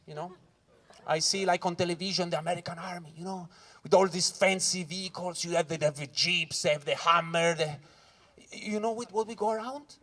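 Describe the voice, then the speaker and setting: A man with a Swiss Italian accent doing stand-up comedy, who swears and acts out voices with loud punchlines. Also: sits high. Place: corporate event room with live audience. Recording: live crowd audible. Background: audience laughing.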